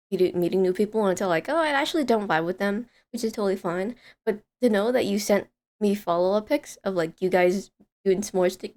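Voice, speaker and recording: A woman's voice: medium pitch, darkish tone. A young woman streaming live, chatting casually with viewers, rambling and laughing often as she greets chatters.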